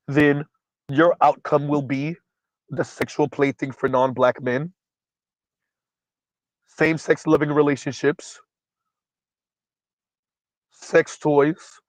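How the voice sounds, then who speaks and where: A man's voice: medium pitch, no echo, low-quality recording. A man hosting a livestream, speaking bluntly and emphatically, repeating his points, and stumbling over fillers while he recalls names. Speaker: livestream host. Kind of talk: casual livestream commentary.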